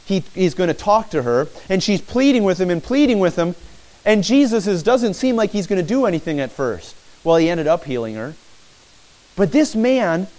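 Animated high-voiced male preacher. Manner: animated preaching, acting out shouted pleas. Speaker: pastor. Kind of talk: sermon.

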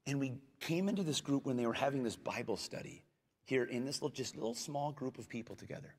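A man's voice: mid-range voice, fast, husky. Earnest male pastor preaching in a hall. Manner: earnest preaching, rhetorical questions, shifts to soft gentle tones. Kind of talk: sermon. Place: church sanctuary. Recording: long hall reverb.

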